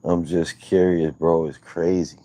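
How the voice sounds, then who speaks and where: Deep, slow-talking man on a livestream. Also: level tone, mellow. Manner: loose, profane, rambling banter. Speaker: livestream host. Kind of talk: casual livestream chat reacting to viewers.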